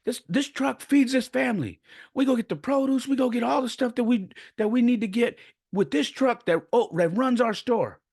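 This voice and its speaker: A man voicing his angry older grandfather scolding his grandson, shouting in a raised voice. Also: moderate pace, gravelly, breathy edge, heavily acted. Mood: furious. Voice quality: shouting, booming.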